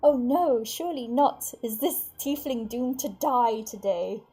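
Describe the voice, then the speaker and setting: Swooning young women in a circus crowd from a tabletop game, squealing in high, dramatic voices, as a woman puts them on. Their lines come out slow and drawn out, with a husky edge. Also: expressive, dark tone, faint music behind. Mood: distressed.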